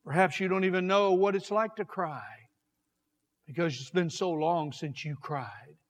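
Impassioned preacher in an echoing hall. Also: male voice, high voice, a little slow. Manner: impassioned preaching, swings from quiet to shouting. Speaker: pastor. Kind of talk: sermon. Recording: long hall reverb.

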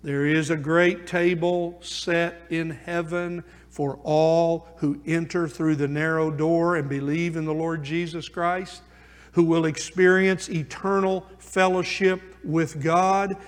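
A male pastor preaching a sermon, moving between loud urging and hushed intensity as he presses his points. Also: on the high side, flat delivery, slow pace, in a large hall.

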